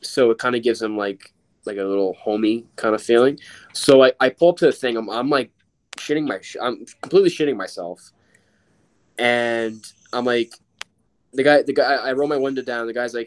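A man's voice: medium pitch, brisk. A man from Long Island telling a story in a rambling way, with lots of fillers and restarts. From Long Island, New York. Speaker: podcast co-host. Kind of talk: casual storytelling.

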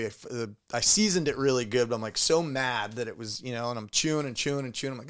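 A man's voice: mid-range voice, very fast, hardly any pauses. A man telling a story in casual chat, cursing freely and acting out his own voice and noises. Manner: animated storytelling with swearing and acted-out noises.

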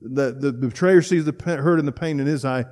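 A middle-aged man preaching a sermon, telling a story and swinging between loud emphasis and hushed, reflective passages. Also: medium pitch, fairly quick. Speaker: pastor.

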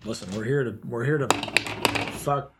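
A man's voice: mid-range voice, fairly even intonation, moderate pace, very noisy. A man playing a tabletop game, laid-back and crude, joking and counting dice rolls. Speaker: player.

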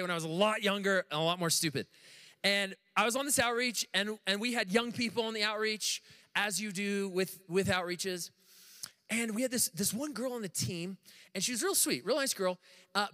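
An American man preaching a sermon to a live congregation, telling stories in an animated, joking way. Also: high voice, big-room sound. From United States. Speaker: pastor. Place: church room with audience.

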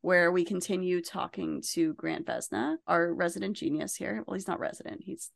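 A woman co-hosting a casual podcast, teasing her co-hosts and cracking jokes. Her voice sits a little low and is full of gravelly fry. The sound is dry and close, with no room echo. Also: steady tone, moderate pace. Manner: playful, teasing, jokey asides. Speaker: podcast co-host.

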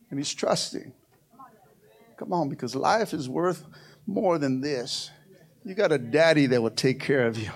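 In a church sanctuary, a male pastor preaches a sermon full of call-and-response, often saying "come on" and "amen." He moves between loud exclamations and quiet, low stretches, laughing often and tossing in playful asides.

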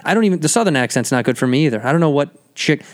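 A male guest comedian in casual podcast chat, animated and slipping into quick impressions. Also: a little high.

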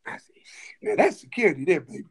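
Guest storyteller: man, fairly high voice, animated, restarts often, casual chat. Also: quick pace, breathy edge. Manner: animated, repetitive restarts, laughing asides.

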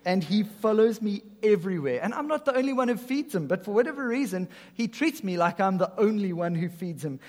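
A male pastor preaching a sermon, swinging between emphatic loud phrases and soft, hushed lines. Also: sits high, expressive, fairly quick, hardly any pauses. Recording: long reverb of a large hall.

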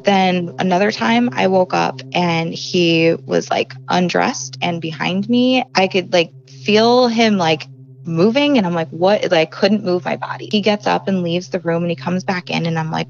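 A woman's voice: on the low side, moderate pace, gravelly, highs cut off. A young woman from the Chicago suburbs telling a personal story in a conversational way, full of "like" and acted-out dialogue. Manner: conversational, frequent "like" fillers, acts out quoted dialogue. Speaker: guest telling her story.

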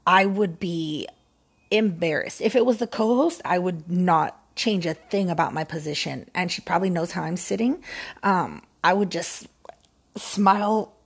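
Husky low-ish lady rambling at home, scattered and giggly, kinda gravelly. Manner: scattered, self-mocking, giggly. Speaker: podcast host. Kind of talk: casual rambling monologue. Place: home, sitting in a recliner.

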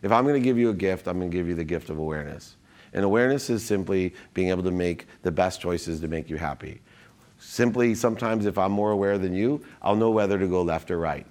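Low-voiced man telling stories. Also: fast. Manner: animated, acts out quotes, frequent restarts. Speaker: guest. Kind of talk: casual storytelling in a conversation.

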